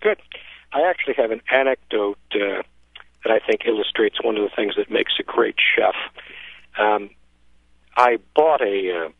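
Hesitant caller on a tinny phone line. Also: male voice, fairly low pitch, vocal fry, no room sound. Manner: hesitant, with many fillers. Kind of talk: phone-in storytelling.

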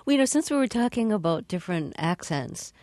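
A woman's voice: medium pitch, sing-song, brisk, darkish tone, no room sound, clean studio sound. A woman hosting a radio interview, asking curious, conversational questions.

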